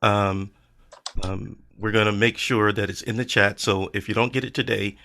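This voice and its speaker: A man with a low, gravelly voice hosts a casual interview. He asks questions in a relaxed, joking way and often turns to address the audience directly. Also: normal speed. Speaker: show host.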